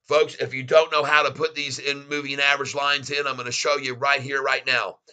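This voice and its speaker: A man from Florida with a Southern accent, hosting a live stream and chatting with viewers in an excitable, effusive way. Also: medium pitch, brisk, clean tone. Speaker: livestream host. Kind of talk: casual live stream chat.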